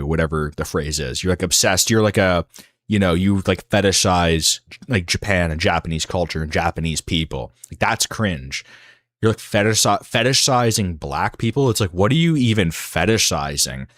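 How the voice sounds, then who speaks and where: A man with a low, deep voice and a fairly bright tone hosts a casual livestream, speaking straight into a dry, close-sounding mic with no echo. He rambles and halts, often trailing off into fillers and restarts before finding his point.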